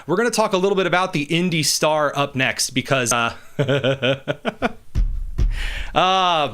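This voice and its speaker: A man's voice: on the high side, sing-song, normal speed, fairly bright tone. A man hosting a radio talk show, reading posts aloud and reacting with dry sarcasm in a casual tone. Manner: wry and sarcastic, reads listener tweets aloud. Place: radio studio.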